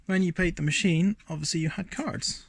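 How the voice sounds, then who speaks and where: A man's voice: fairly high pitch, steady tone, a little fast, gravelly, breathy edge. A man talking casually while showing off his collectible collection, rambling with asides, filming on a handheld phone indoors at home. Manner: chatty and rambling, many fillers and asides. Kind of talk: casual show-and-tell vlog.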